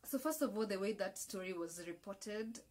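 A woman with a Kenyan accent giving casual, opinionated commentary on the week's news as a vlogger, expressive and slipping into Swahili phrases. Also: medium pitch, moderate pace.

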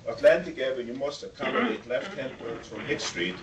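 A man's voice: mid-range voice, lively intonation. Man reading testimony from a distant mic. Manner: measured, detailed read-out statement. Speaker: public commenter. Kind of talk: public testimony at a board meeting. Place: public meeting room. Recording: distant mic, faint room noise.

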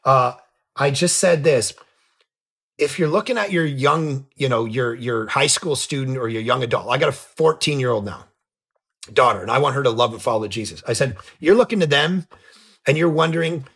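Husky, animated male pastor storyteller. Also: medium pitch, normal speed. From Canada. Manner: lively, acts out voices in anecdotes. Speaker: pastor and author, podcast guest.

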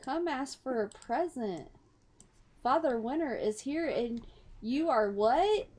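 A young woman chatting over a life-sim game, excitable, exclaiming and laughing at what happens on screen. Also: high voice, slow pace. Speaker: gaming YouTuber. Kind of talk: casual game commentary.

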